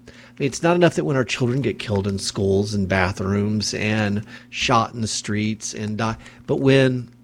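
A man hosting a radio talk show, delivering an angry, impassioned monologue from a studio mic. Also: medium pitch. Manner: angry, indignant, ranting.

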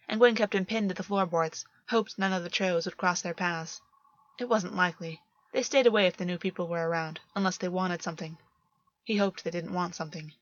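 A woman's voice: mid-range voice, fairly bright tone, no room sound. Woman reading a story, dull lo-fi sound. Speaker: reader. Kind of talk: scripted narration.

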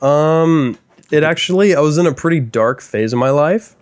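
A man's voice: fairly high pitch, animated, moderate pace. A young man on a podcast telling a rambling, self-deprecating story in casual chat. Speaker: podcast co-host.

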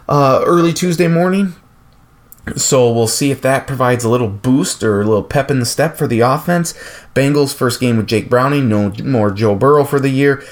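A man hosting a sports podcast, running through game picks with frequent fillers and restarts. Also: medium pitch. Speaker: podcast host.

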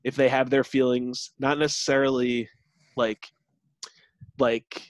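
A man's voice: medium pitch, flat delivery, a little slow, no room sound. A young man rambling earnestly in casual chat, packing his talk with filler words. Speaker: podcast co-host.

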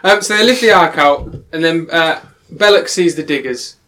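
Man, podcast host, plot recap, somewhat high voice. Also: moderate pace, bright, forceful tone, a little hiss or hum. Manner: recaps the plot, steers the talk. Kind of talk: casual film chat.

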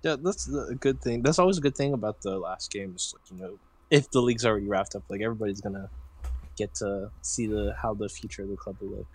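A young man in casual soccer chat with friends, animated and rising in pitch when excited. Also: quick pace, breathy edge, no room sound.

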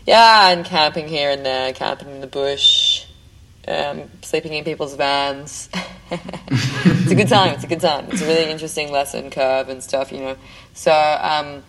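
A young Australian woman sharing a travel story in a relaxed, chatty voice message full of fillers. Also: deep voice, unhurried, slight background noise, poor audio. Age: young adult. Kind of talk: casual recorded voice message.

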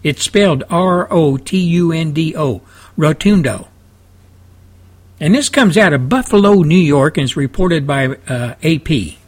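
A man with a Texan accent hosts a radio show from his studio. He talks slowly and rambles along in a folksy drawl. His voice sits a little high for a man. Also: lively intonation. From South Texas. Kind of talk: folksy talk radio monologue.

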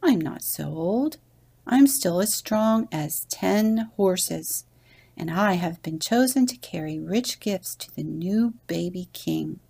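A woman's voice: on the low side, expressive, slow, creaky, warm tone, breathy edge, exaggerated voice. A woman voicing a grumbling, proud old camel. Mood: boastful. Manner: complaining, boastful.

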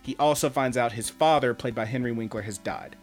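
A man co-hosting a podcast, telling a story in casual chat, animated and swearing freely. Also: medium pitch, fairly quick, soft background music. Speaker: podcast co-host.

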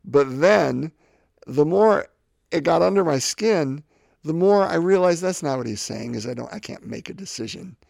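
A man's voice: a little high, expressive, normal speed, gravelly, a little mellow, dry recording, clean studio sound. A man in his fifties hosting a faith podcast, talking reflectively and often repeating words as he gathers his thoughts. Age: 50s. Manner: rambling, repeats words while thinking. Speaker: podcast host.

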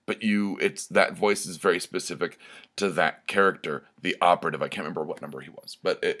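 A man's voice: deep voice, a bit bright. A man hosting his own podcast, talking casually and rambling with frequent ums as he thinks aloud. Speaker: podcast host. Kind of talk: casual solo podcast talk.

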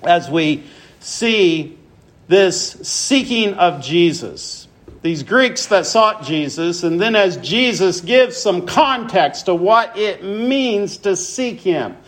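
Slow high-voiced male preacher. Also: animated. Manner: expository preaching, reads scripture aloud, rises in pitch for emphasis. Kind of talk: sermon.

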